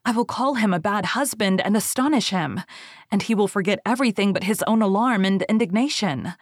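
A woman's voice: mid-range voice, brisk, breathy edge, no room sound, clean studio sound, natural voice. A woman voicing a scheming young queen in her own defiant thoughts, in a storybook reading. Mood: resolute.

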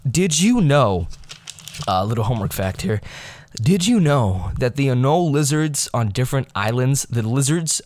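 A man's voice: mid-range voice, dry recording. A teenage boy hosting a rambling solo podcast from his bedroom, often losing his train of thought and correcting himself. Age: teens. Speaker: podcast host. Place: his room at home.

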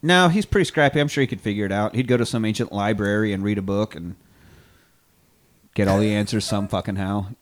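A man's voice: on the low side, brisk. A man co-hosting a podcast, chatting casually, rambling and swearing often. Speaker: podcast co-host. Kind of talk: casual chat.

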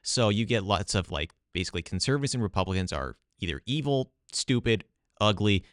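A man's voice: fairly low pitch, animated, brisk, a bit bright, no room sound, clean studio sound. A man talking casually as a guest about his study, with many "like" and "you know" fillers. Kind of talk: casual political talk.

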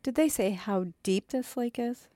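A woman's voice: a little high, a little slow, dark tone, no room sound. A woman joining a casual podcast chat, speaking a little tentatively and laughing often.

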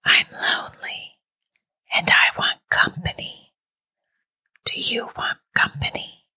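A hushed, breathy whisper from something lonely on the other end of a dead phone line, coaxing and quietly commanding, as a woman narrator puts it on. Every word is voiceless air, soft but insistent, for a spooky storybook. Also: slow, no echo. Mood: pleading whisper. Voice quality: unvoiced whisper.

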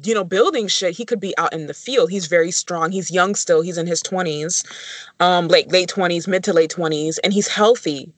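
A podcast co-host in a relaxed, conversational discussion, swearing casually. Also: mid-range voice, moderate pace, no echo.

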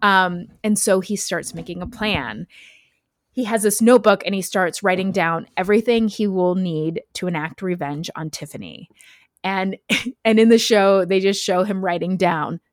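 A woman's voice: mid-range voice, normal speed, no echo, clean studio sound. A woman hosting a podcast, casually telling a true crime story with frequent fillers and laughs. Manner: chatty, laughs often, lots of "like" fillers.

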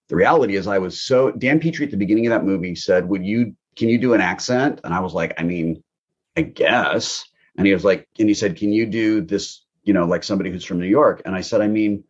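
Husky deep-voiced man telling stories. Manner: candid, animated storyteller. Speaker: interview guest, actor. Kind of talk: casual interview talk. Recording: muffled lo-fi audio.

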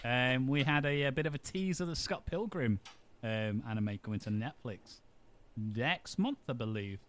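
A man's voice: mid-range voice, animated, normal speed, fairly bright tone. A man hosting a podcast, chatting casually and joking, often restarting his sentences. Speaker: podcast host. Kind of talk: casual chat.

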